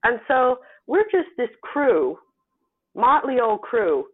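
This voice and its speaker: A woman scientist from the United States talking casually in an interview, telling stories with animated emphasis. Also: on the high side, takes it slowly, husky. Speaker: guest scientist. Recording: tinny phone-like line.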